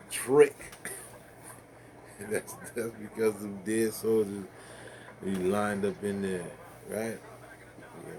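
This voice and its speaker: A man's voice: lowish voice, creaky, noisy background. A man ranting casually to the camera, rambling and profane, stumbling over fillers and laughing at his own jokes.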